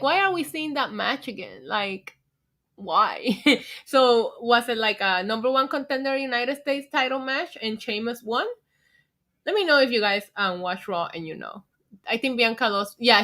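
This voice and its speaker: A young woman with a New York accent chats on a casual livestream, tipsy and loose. Her voice sits a little high and sounds bright and forceful, and she breaks into laughter often while reacting to the chat. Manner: tipsy, laughing, chatty, reads chat aloud. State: drunk. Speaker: livestream host.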